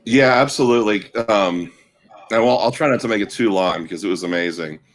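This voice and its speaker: A middle-aged Midwestern man with a fairly low voice tells a meandering story in relaxed conversation. He circles back and restarts his sentences as he goes, easygoing and chatty. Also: fairly quick, low-quality recording. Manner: rambling anecdotal storytelling with frequent restarts. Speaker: guest storyteller. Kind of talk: casual chat.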